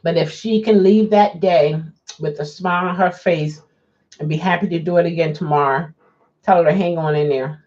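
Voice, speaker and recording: A woman's voice: fairly low pitch, moderate pace, a little mellow. A woman chatting casually on a live stream as a rideshare driver, answering viewer comments and laughing often. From Baltimore. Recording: dull lo-fi sound.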